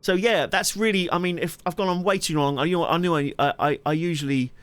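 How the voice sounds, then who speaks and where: A man's voice: a little high, steady tone, a little fast, fairly bright tone, clean tone, no echo. A man chatting on his live stream, rambling and laughing often. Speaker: streamer and musician. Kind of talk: casual live-stream chat.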